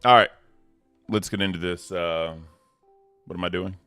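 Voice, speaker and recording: A man hosting a casual livestream, laid-back and slangy, giving hype shout-outs to the community. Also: low voice, steady tone, moderate pace, clean tone, no echo, faint music behind. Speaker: host.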